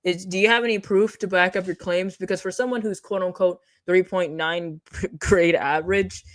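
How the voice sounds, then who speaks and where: A streamer covering online drama speaks in a lowish voice with fairly even intonation at normal speed, with no room sound. Reading out posts, she picks them apart in profane, mocking commentary.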